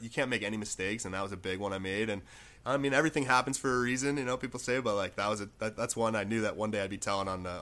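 Bright, fast-talking man telling a story. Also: on the low side. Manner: rambling, animated, many "like" fillers. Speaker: former pro hockey player, now coach. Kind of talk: casual podcast storytelling.

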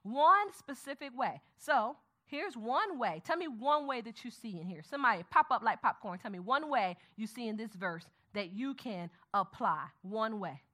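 A woman teaching a Bible study method, prompting her audience with questions and murmuring softly as she skims the passage. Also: a little high, animated, moderate pace, hardly any pauses. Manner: call-and-response questions to the audience; murmurs softly while skimming the text aloud.

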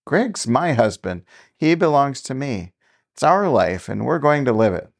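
A man's voice: mid-range voice, very animated, a little slow, creaky, pitched above the performer's own voice, exaggerated voice. Man voicing a frustrated young bride. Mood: indignant. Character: young woman, newlywed pastor's wife, frustrated.

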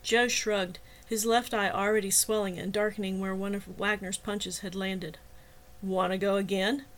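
A woman author reading her own novel aloud in a measured, softly expressive audiobook narration. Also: mid-range voice.

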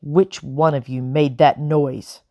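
A woman reading the part of an imperious, sharp-tongued colonial lady who speaks crisply and coldly in an audiobook. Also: low voice, steady tone, slow pace. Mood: haughty. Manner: crisp, cold, demanding.

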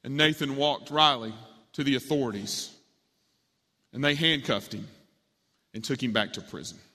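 Bright-voiced man preaching a story. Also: medium pitch, normal speed. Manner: dramatic storytelling. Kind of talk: sermon storytelling. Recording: long reverb of a large hall.

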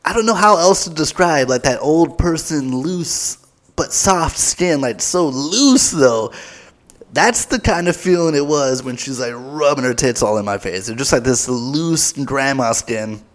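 A man's voice: mid-range voice, animated, measured pace. Rambling comic podcast host, a man. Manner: rambling, filler-heavy, self-mocking. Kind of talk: comedic storytelling.

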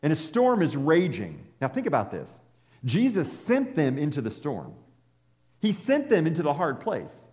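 Animated man preaching in a hall. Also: on the high side, moderate pace. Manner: conversational and animated, acts out scripture. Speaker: pastor. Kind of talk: sermon. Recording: long reverb in a large hall.

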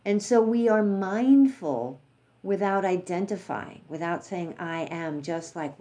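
A woman giving a reflective dharma talk as a meditation teacher, speaking gently with fillers and restarts and acting out inner thoughts in a higher voice. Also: slow pace.

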